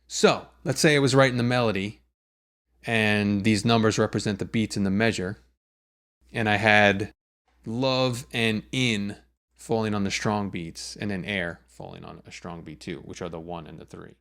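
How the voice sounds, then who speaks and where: Songwriting teacher, male, low register, calm step-by-step explainer. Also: moderate pace, gravelly. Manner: patient, methodical, walks through examples step by step. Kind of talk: explanatory lesson.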